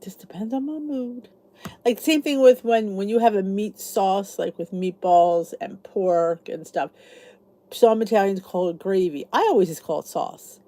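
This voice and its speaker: Chatty Philly woman, mellow voice. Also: mid-range voice, measured pace, no echo. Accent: Philadelphia. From Philadelphia area. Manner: chatty, rambling, reads comments aloud. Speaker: YouTube channel host. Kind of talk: casual chat with live viewers.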